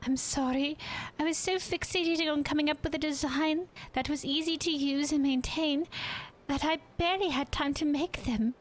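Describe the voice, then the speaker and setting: A woman voicing a flustered young craftsman with an apologetic, hurried way of talking. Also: sits high, pitched above the performer's own voice, close to an everyday voice.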